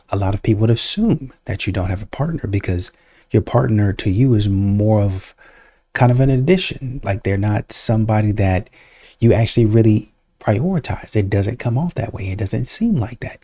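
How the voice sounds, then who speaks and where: A man's voice: on the low side, mellow, dry recording. A young man hosting a reaction video, rambling through argumentative rebuttals in casual commentary. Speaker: host reacting to clips.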